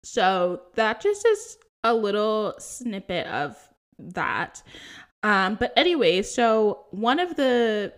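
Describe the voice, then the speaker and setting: A woman's voice: mid-range voice, sing-song, slow. A woman in her twenties hosting a podcast, telling personal stories in a chatty, laugh-filled way with lots of fillers. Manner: chatty, laughing often, full of likes and ums. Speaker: podcast host. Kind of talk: casual storytelling chat.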